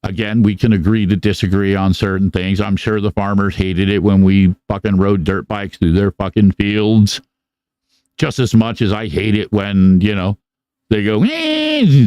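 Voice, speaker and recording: A middle-aged man hosting a live podcast, swearing freely as he rambles through stories. His voice sits low and smooth. It is close-miked and dry, with no room sound. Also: mellow, dry recording. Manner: profane, rambling storytelling. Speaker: podcast co-host. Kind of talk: casual live podcast monologue.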